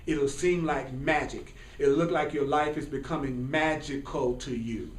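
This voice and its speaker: A man with a high voice teaching a spiritual class, speaking emphatically and repeating his lines for stress. He is recorded from a distance in an echoey room with faint hiss behind him. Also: steady tone, unhurried. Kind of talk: spiritual class talk to a group. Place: classroom with a small audience.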